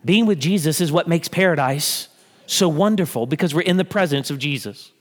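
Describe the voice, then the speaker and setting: A man's voice: a little high, a little fast. Earnest preacher man in a reverberant hall. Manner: earnest, rising to emphatic peaks. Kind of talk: sermon.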